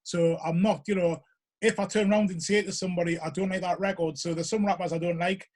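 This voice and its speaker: A man's voice: sits high, fairly even intonation, quick pace, a little mellow. A man with a Geordie accent hosting a casual interview, rambling and restarting his sentences as he talks things through. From North East England. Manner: rambling, hesitant, full of restarts and "you know". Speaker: podcast host.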